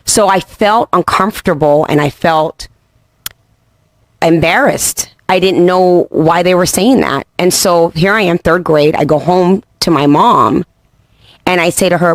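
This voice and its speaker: A speaker from England recounts a childhood memory in an earnest, personal tone. The voice is mid-pitched and recorded close and dry, with no room sound. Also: measured pace, dry recording. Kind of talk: personal storytelling.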